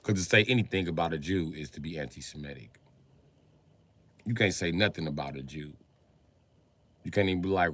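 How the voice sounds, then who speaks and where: Sharp-voiced man ranting on a livestream. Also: big pitch swings, fast, long pauses, breathy edge. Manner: profane, ranting, swings from low muttering to loud shouting. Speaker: livestream host. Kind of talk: livestream monologue.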